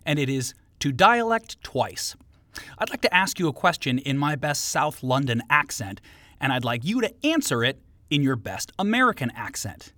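A man's voice: mid-range voice, fairly bright tone, no room sound. A male interview host reading jokey, scripted questions in a playful, theatrical way. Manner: playful, joking, theatrical delivery.

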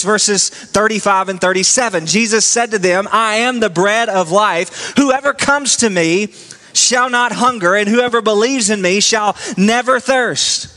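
A man preaching a sermon, reading scripture aloud slowly and pressing his points with emphatic repetition. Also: extremely high pitch, pushed and bright. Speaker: pastor.

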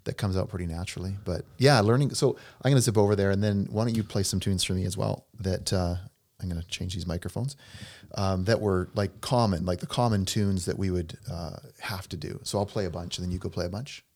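A man's voice: low voice, brisk, a little mellow. A middle-aged man co-hosting a casual podcast, a chatty, jokey storyteller who rambles. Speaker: podcast co-host and pianist. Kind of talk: casual chat.

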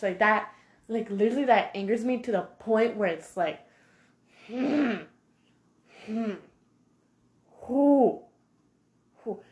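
Woman vlogger, casual heated rant, slightly high voice, echoey room. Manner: animated, heated, heavy use of 'like'.

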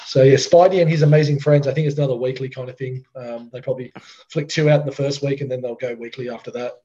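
A man's voice: medium pitch, steady tone, quick pace, warm tone. A man, co-hosting a casual podcast chat, chatty and enthusiastic. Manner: chatty, enthusiastic, laughs often. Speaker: podcast co-host. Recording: dull lo-fi with faint noise.

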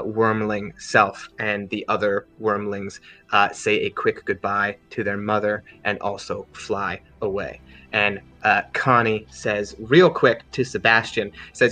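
A man narrating a tabletop game as game master, telling the story in a relaxed way with many fillers. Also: on the low side, unhurried.

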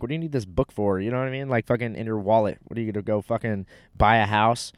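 A man's voice: lowish voice, steady tone, fast, clear, resonant tone, no echo, studio quality. A young man telling a rambling, profane story in casual chat, full of filler words.

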